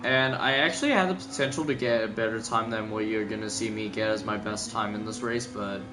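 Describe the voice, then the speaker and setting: This young man, a gaming video commentator, narrates a replay of his own race with gameplay music underneath. He's sleepy, yawns, rambles, uses plenty of fillers, and keeps correcting himself. His fairly low voice moves briskly.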